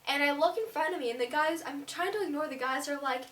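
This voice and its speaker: A high-voiced teenage girl chats through a rambling story for her vlog, sprinkling "like" everywhere. She sits back from the mic in a room with plenty of echo. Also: fast talker, fairly bright tone, recorded from a distance. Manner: chatty, rambling, fillers of "like". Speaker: vlogger. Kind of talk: casual storytelling. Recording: roomy, away from the mic.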